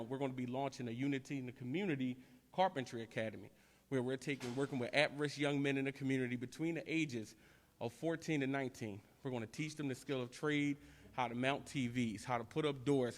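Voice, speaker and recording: A middle-aged man with a Philadelphia accent addresses a press conference in a mid-pitched, steady voice. He speaks plainly and builds his points in short, repeated phrases. A long reverb trails after his words. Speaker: community nonprofit director. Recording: long reverb in a large room.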